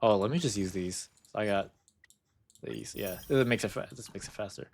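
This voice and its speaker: A man's voice: on the low side, moderate pace, vocal fry, darkish tone, soft background music. A man in casual gaming commentary, muttering counts and ranting in bursts of swearing. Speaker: gacha game content creator.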